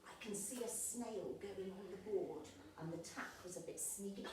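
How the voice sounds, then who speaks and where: A woman's voice: mid-range voice, moderate pace, a little mellow, a little hiss or hum. A woman teaching a primary school maths lesson, encouraging the children and chanting patterns with them. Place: classroom. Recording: echoey classroom from a distance.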